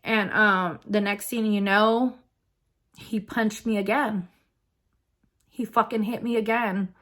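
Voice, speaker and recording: A woman's voice: mid-range voice, fairly even intonation, slow, a bit bright. A young adult woman vlogger telling a personal story in a casual, rambling way, with lots of fillers. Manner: rambling, filler-heavy, conversational.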